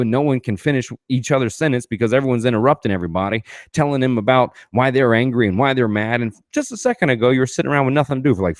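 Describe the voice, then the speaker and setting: A man's voice: mid-range voice, no echo, studio quality. A man hosting a podcast, talking through ideas from his own book in a casual, emphatic way, swearing freely and asking rhetorical questions. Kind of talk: casual motivational talk.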